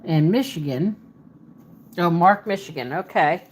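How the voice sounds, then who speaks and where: A woman's voice: mid-range voice, expressive, slow, long pauses, a bit bright. A woman chatting casually on a live stream from her home, muttering to herself as she searches a map, talking into a handheld phone. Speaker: livestreamer. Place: at home, indoors.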